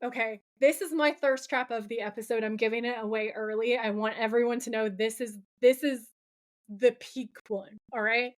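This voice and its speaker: A woman with a fairly high voice co-hosts a podcast, walking through a TV episode scene by scene. She tells it dramatically and animatedly, gushing and swearing when excited. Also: normal speed. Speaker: podcast co-host. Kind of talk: casual TV episode recap chat.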